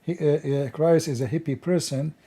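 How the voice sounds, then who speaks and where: A male host delivers scornful commentary in broken English, full of sarcasm and insults. His voice sounds rough and strained, with a dark, mellow tone. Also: on the high side, fairly even intonation, normal speed. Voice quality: non-native English with broken grammar.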